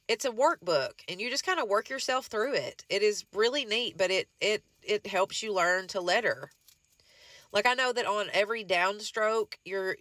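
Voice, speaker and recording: Stuffed up from hay fever, a Southern US woman narrates a craft tutorial for her DIY vlog, rambling casually and sprinkling in y'all and honey. The dry recording captures her medium pitch and fairly bright tone.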